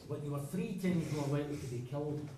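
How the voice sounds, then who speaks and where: A man introducing a song at a folk club, chatting in a halting way with many ums and restarts. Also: on the high side, background noise. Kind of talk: live stage patter between songs. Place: folk club room at a live gig. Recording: echoey live room from far off, loud guitar.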